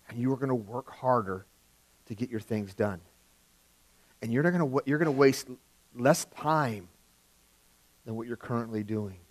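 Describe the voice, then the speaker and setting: A middle-aged male pastor preaching a sermon in a conversational way, swinging from loud emphasis to quiet asides. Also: medium pitch. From California.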